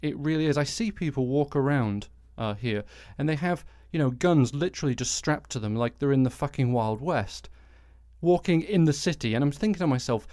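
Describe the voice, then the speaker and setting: A man's voice: mid-range voice, a little fast, a little mellow, dry recording, studio quality. A British man in his forties hosting a solo podcast, ranting with exasperation and frequent swearing. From Britain. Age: 40s. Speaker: podcast host.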